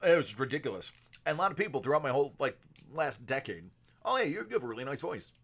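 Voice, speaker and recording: A man hosting a live card-break stream, chatting casually with viewers and moving between a projected announcer voice and a softer everyday voice. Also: medium pitch, big pitch swings, quick pace, breathy edge. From United States. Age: adult with a young son. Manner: chatty, answers viewers by name.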